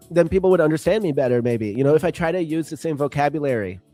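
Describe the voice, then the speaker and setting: Chatty Californian man, slightly high voice. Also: expressive, fast, mellow, soft background music. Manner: chatty, rambling with many "like" fillers. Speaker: livestream co-host. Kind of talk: casual chat.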